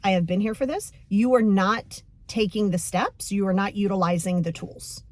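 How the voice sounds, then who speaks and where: A woman's voice: medium pitch, moderate pace, dry recording. A young adult woman hosting a podcast as a coach, talking bluntly and casually, acting out quotes as she tells a story. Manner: blunt, animated, acts out quoted voices. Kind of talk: casual motivational podcast talk.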